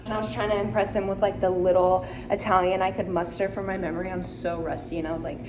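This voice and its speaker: A woman's voice: fairly low pitch, level tone, fast, background noise. A young woman telling a story in a chatty, giggly way, talking to a handheld camera for her travel vlog. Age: young adult. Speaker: travel vlogger. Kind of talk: casual vlog chat. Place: hotel room and outdoors. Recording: echoey with loud ambience.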